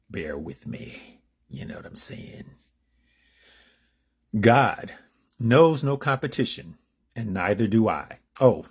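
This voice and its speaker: A man casually reading daily spiritual meditations aloud, unrehearsed, lifting his voice for the passages and dropping low and quiet for loose asides in between. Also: breathy edge. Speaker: spiritual reader.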